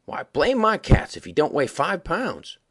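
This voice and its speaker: A man reading the part of a boastful frontier gambler with a drawling, careless, folksy way of talking and a husky voice. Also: medium pitch, wildly swooping pitch, fairly quick, exaggerated voice. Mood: easy careless.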